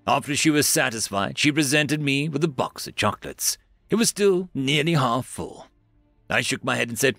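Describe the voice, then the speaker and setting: A man's voice: medium pitch, expressive, moderate pace, gravelly, pushed and bright, dry recording, soft background music. A man narrating a science-fiction story in a dry, storytelling manner, doing occasional voices for the characters.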